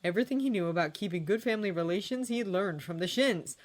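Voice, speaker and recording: A woman narrating fan fiction as an expressive, dramatic audiobook reading. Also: mid-range voice, fast. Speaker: fanfiction reader.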